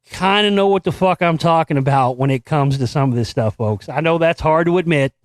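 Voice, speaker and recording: High-voiced, profane, sarcastic male host. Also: a little fast, few pauses, no echo. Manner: sarcastic, swears freely, mocks what he reads. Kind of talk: profane political commentary and article reading.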